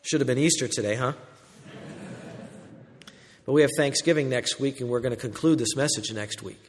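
A pastor preaching a sermon, shifting between loud, urgent exhortation and quiet, intimate passages. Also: male voice, medium pitch, normal speed, in a large hall.

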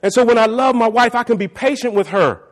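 A preacher whose voice sits very high for a man. He drives his sermon with fervent, rising passion and builds to shouts. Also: fast. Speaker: pastor.

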